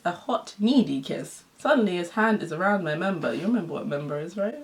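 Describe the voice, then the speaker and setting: Low-voiced young woman, giggly and embarrassed. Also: lively intonation, fairly quick, hardly any pauses. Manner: laughing, embarrassed, self-mocking asides. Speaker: vlogger. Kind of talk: reading old fan fiction aloud with commentary.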